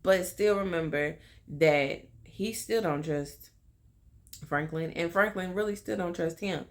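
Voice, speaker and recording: A woman's voice: on the low side, unhurried. A young woman casually recapping a TV episode, chatty and full of fillers. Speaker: TV recap vlogger.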